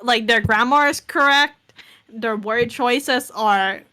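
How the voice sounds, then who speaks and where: A young woman with a bright, ringing voice that sits a little high. She chats casually, blunt and sarcastic, and drops swear words while she argues. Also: slow pace. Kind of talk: casual chat.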